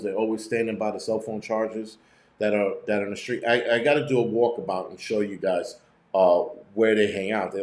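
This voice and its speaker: Speaking in a lowish, darkish tone with plenty of reverb, this channel host rants casually on a live stream. His stories ramble and swear, packed with fillers and false starts.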